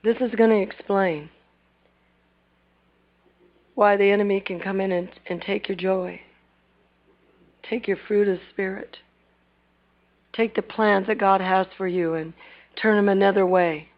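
A woman preaching a sermon, retelling Bible scenes and acting out their lines, swinging between loud bursts and hushed asides. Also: medium pitch, fairly even intonation, unhurried, long pauses. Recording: dull lo-fi recording.

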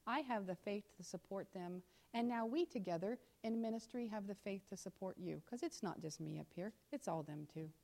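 A woman preaches to her church, her mid-pitched voice climbing loud and slow on scripture. She then falls to low, quick, confiding asides and keeps asking the room questions. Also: creaky. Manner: talks straight to the congregation with questions. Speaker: church teacher in ministry with her pastor husband. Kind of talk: conversational sermon teaching from scripture. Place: in front of a church congregation.

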